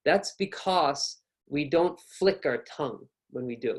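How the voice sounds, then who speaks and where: Relaxed American man teaching pronunciation. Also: mid-range voice, moderate pace, hardly any pauses. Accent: General American. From North America. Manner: relaxed, explanatory, demonstrates sounds aloud. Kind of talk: online lesson.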